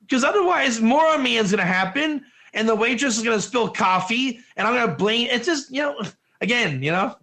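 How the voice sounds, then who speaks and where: An emphatic man teaches an online Torah class to a live audience, his high, bright voice also gravelly. Like a teacher driving his point home, he presses listeners with question after question.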